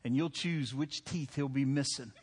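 A man in his thirties preaching to a congregation, easygoing and conversational, tossing in jokes and asking the room for agreement. His voice sits at a mid pitch. It rings out with a long reverb off a large hall. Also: normal speed, a little hiss or hum. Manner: conversational, joking, asks the crowd "right?". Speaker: pastor. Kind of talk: sermon with personal stories. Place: church hall.

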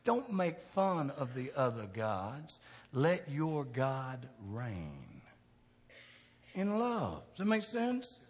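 A man preaching a sermon, talking with the crowd in a chatty way, asking questions, going from quiet to loud. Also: medium pitch, huge pitch swings, extremely slow, breathy edge. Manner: conversational preaching, asks the crowd questions, swings from soft to shouting. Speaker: pastor. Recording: long hall reverb.

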